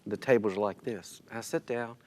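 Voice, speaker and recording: Middle-aged man, lively storyteller. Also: on the low side, fairly quick. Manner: animated, acts out other people's lines. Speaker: guest telling a personal story. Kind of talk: conversational storytelling.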